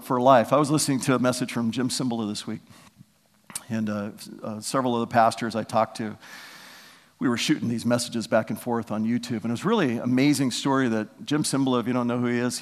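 A man's voice: mid-range voice, steady tone, a little fast. Preaching man in a reverberant hall. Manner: conversational storytelling, acting out quotes. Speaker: pastor. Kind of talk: sermon. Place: church sanctuary. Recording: long reverb of a large hall.

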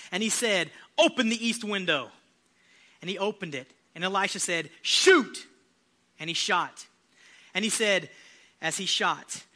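A male pastor preaching a passionate sermon, building to loud, emphatic shouts. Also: sits high.

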